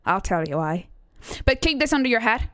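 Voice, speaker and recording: A woman's voice: fairly high pitch, sing-song, a little fast, a bit bright, no room sound. A woman voicing a chatty, gossiping Irish local in a put-on Irish accent, delivering a crude, confiding monologue. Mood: scornful.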